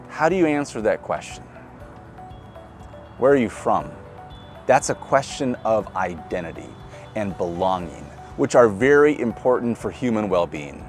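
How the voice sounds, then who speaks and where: Midwestern pastor with a lively, rising voice. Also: male voice, mid-range voice. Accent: Midwestern American. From Nebraska. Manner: conversational, asks the congregation questions, laughs lightly. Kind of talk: sermon.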